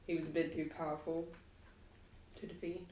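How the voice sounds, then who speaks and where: A woman's voice: sits low, little pitch movement, moderate pace, warm tone. A woman player in a tabletop game, speaking in character with an earnest, sincere manner. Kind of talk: tabletop role-play. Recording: echoey room, faint noise.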